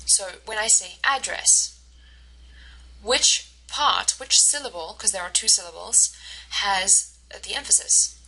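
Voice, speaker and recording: Bright-voiced woman lecturing over slides. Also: medium pitch, low-quality recording. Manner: explanatory, slows to model stressed words. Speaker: university instructor.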